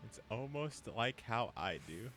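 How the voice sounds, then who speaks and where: A man's voice: mid-range voice, big pitch swings, measured pace, bright, forceful tone, soft background music. A man streaming a game, chatting casually with viewers and laughing often. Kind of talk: casual live-stream chat.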